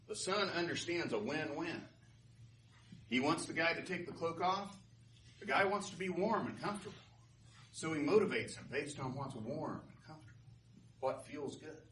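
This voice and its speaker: A man's voice: fairly high pitch, lively intonation, measured pace, pauses often, a bit bright. A man telling stories to a live class in a casual, chatty way, often checking in with his listeners. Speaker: storytelling teacher. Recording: roomy live class, distant mic, faint noise.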